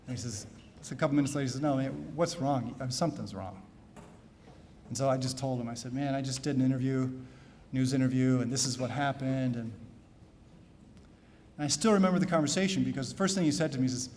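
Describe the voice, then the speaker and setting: High-voiced priest preaching a keynote. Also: male voice, expressive, brisk, a little hiss or hum. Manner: storytelling, shifting from soft confiding to loud emphatic preaching. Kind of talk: keynote talk at a men's conference. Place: conference hall.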